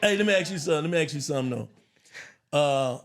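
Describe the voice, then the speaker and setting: Brief: man host, relaxed and teasing, casual interview, a bit high pitched. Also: quick pace. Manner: teasing, laid-back slang.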